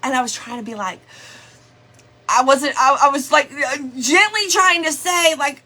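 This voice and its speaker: A woman's voice: sits high, expressive, unhurried, sharp tone. A middle-aged woman chatting casually on a craft livestream, greeting viewers by name in a folksy way.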